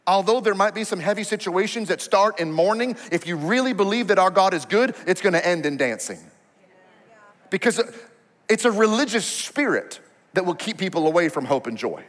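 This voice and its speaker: A male pastor preaching a sermon in a conversational, emphatic way. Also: sits high. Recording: reverberant hall.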